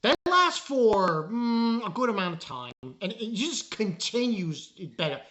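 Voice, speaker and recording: A man reviewing an anime episode in a casual spoken style, exasperated and rambling, halting on fillers. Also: high-pitched, big pitch swings, sharp tone.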